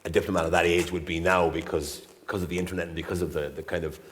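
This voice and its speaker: A low-voiced man in his sixties tells a story from the stage in an easygoing, meandering way that pokes fun at himself. His voice rings out in the long reverb of a lecture hall. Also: rapid-fire. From Ireland. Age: 60s. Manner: relaxed, rambling, self-deprecating. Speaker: ambassador, guest speaker.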